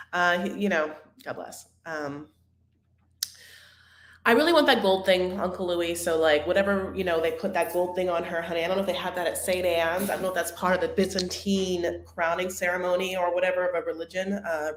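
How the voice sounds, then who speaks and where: A woman recapping a reality show in a catty, dramatic, gossipy manner, with sudden loud outbursts. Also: on the low side, fairly even intonation, a little fast, reverberant, a little hiss or hum. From Arab-American. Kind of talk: casual recap chat.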